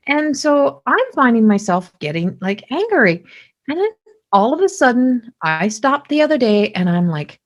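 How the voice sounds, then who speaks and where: Chatty woman podcaster, higher voice. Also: normal speed. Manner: animated, talkative, many restarts. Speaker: podcast host; psychic medium. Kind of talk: casual spoken monologue.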